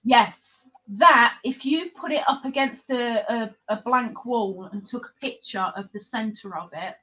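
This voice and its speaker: High, bright-voiced chatty woman. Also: measured pace, dull audio. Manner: chatty, giggly, rambling. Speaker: livestream host. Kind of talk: casual livestream chat.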